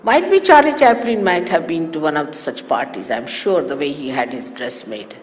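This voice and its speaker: A woman giving a spiritual talk to followers, animated and teasing with amused asides. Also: sits low, normal speed. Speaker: spiritual teacher. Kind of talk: sermon-style spiritual talk. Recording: echoey hall with faint hiss, archive 1989 tape.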